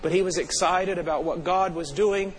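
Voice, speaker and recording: Fervent high-voiced male preacher. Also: fairly even intonation, moderate pace, a little hiss or hum, poor audio. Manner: fervent, swings between urgent and hushed. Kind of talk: sermon.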